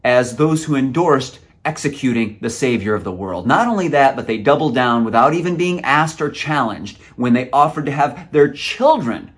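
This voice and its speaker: A man's voice: mid-range voice, animated, normal speed, hardly any pauses. A man preaching a sermon, earnest and emotional, sometimes stumbling over his words.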